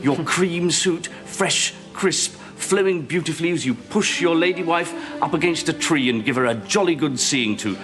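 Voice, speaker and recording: An actor playing a leering, smarmy menswear tailor who murmurs suggestive sales patter. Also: male voice, a little high, normal speed, hardly any pauses, natural voice. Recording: TV sketch clip with audience laughter and music.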